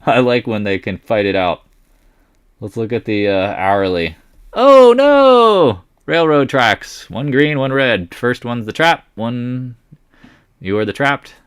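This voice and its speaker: A man hosting a live market commentary stream, chatting with viewers in a rambling way and breaking into excited outbursts when prices move. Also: on the low side, measured pace, clear, resonant tone, no echo, clean studio sound. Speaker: market commentary livestream host.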